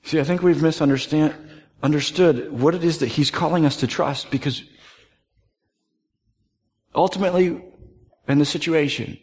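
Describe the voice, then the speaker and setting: A man's voice: fairly high pitch, moderate pace, pauses often. Earnest male pastor in a reverberant hall. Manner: earnest, dropping to soft near-whispers for tender moments. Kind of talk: sermon.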